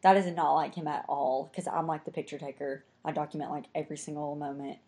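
A woman's voice: low-pitched, flat delivery, fast talker, warm tone. A young woman telling a story in casual chat, talking chattily and saying "like" constantly.

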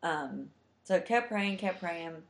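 A woman's voice: fairly low pitch, lively intonation, takes it slowly, reverberant. A young woman telling a heartfelt personal story in a chatty way, full of fillers. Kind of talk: casual storytelling.

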